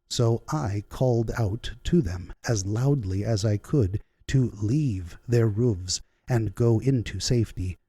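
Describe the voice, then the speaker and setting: A man reading a first-person memoir as scripted audiobook narration, measured and unhurried. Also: fairly low pitch, warm tone, husky, no echo. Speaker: audiobook reader.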